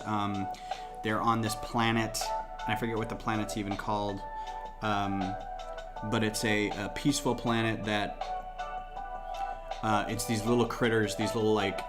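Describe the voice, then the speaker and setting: A man hosting a casual livestream, rambling and thinking aloud while he builds, a little farther from the mic than usual. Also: lowish voice. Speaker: host of a LEGO design livestream. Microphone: desk mic, a bit farther off than usual. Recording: background music under the voice.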